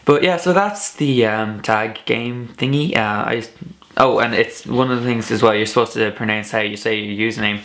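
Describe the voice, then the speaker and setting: A young man from Ireland with a soft, slightly Americanized Irish accent, chatting casually on his vlog with lots of uhs and ums. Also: on the low side, moderate pace. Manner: rambling, many filler uhs and ums. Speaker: vlogger. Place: home room, dog snoring behind.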